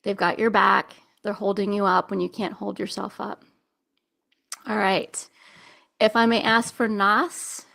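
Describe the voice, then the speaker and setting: A woman hosting a live intuitive reading show, speaking softly and slowly, at times close to tears. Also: mid-range voice, level tone, creaky. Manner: soft, gentle, slow and emotional. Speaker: intuitive reader, show host. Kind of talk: live psychic reading session.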